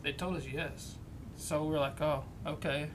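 Young man with a high, loose voice. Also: fairly even intonation, background noise. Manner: loose, halting, restarts sentences. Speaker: guest. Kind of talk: casual storytelling chat.

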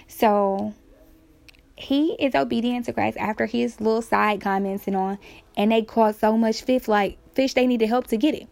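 A woman's voice: on the high side, fairly even intonation, moderate pace, vocal fry, darkish tone, dry recording. A woman casually retelling Bible stories in slang, acting out the quotes with playful energy.

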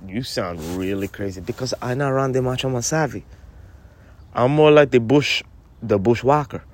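A man's voice: mid-range voice, normal speed. A man hosting a comedic podcast, talking in a laid-back, rambling way. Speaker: podcast host. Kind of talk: comedic casual chat.

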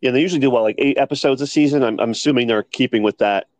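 A man co-hosting a podcast, recorded close and dry with no room sound at all. His voice sits in a middle pitch range, and he tells stories with animated energy, always ready with a firm opinion. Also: racing, no echo. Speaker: podcast co-host. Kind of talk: casual chat.

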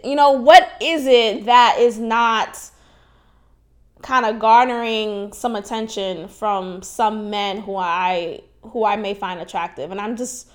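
Woman, young adult, high-pitched, from Haiti, candid podcast monologue, animated, frequent laughter, cursing. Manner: frank and animated, laughs often, swears freely. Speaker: podcast host.

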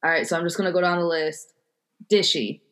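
A woman's voice: fairly low pitch, a little fast, fairly bright tone. A young American woman co-hosting a casual chat, laid-back as she quizzes her co-host. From United States. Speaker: podcast co-host.

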